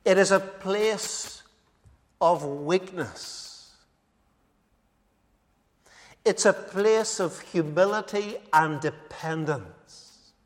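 A male preacher delivering a sermon, measured and emphatic, repeating key phrases for weight. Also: sits high. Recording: long reverb of a large hall.

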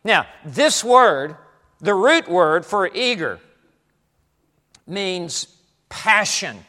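A man's voice: sits high, very animated, very slow, pushed and bright. A man preaching an expository sermon, emphatic and building to fired-up peaks, with frequent small restarts. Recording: long hall reverb.

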